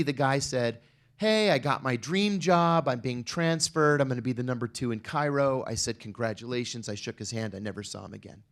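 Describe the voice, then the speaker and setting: A middle-aged man speaking on a conference panel, telling a personal story with wry asides. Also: medium pitch. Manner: storytelling, wry, acts out quoted exchanges.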